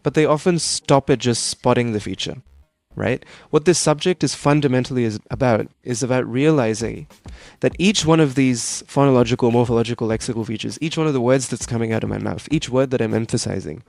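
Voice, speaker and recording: A man's voice: medium pitch, brisk, gravelly, a little mellow, no room sound. A young adult man tutoring a student one-on-one over a video call, explaining at length and tagging his sentences with "right?".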